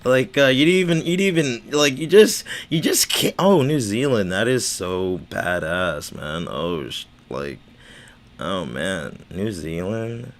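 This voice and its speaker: Casting: slurring, stuttery man with a lowish voice, loose rambling livestream chat, casual cursing. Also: animated, slow pace. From United States. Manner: stammering, repeats words, swears casually. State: slurring speech. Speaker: livestream host.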